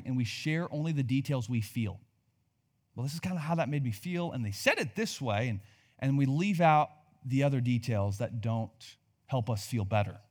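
A man's voice: on the high side, fairly bright tone. A man in his thirties, a pastor preaching a sermon in a conversational way that climbs to emphatic peaks.

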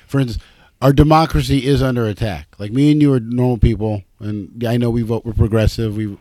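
Fast-talking Southern man hosting a podcast. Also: on the low side, no echo. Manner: animated, jokey, rants. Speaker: podcast host. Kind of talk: casual comedy podcast banter.

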